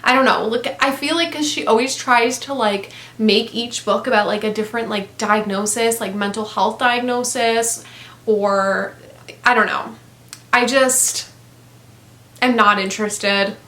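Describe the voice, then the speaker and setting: A woman's voice: on the high side, steady tone, measured pace, a bit bright, roomy sound. A woman chatting casually about books she disliked, blunt and rambling, with lots of fillers and some swearing. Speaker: book vlogger. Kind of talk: casual book review chat.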